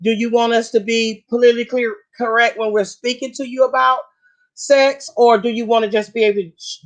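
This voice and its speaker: A woman in her fifties, a vlogger, giving casual commentary and recapping a show, reading bits aloud with fillers and restarts. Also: mid-range voice. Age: 50s.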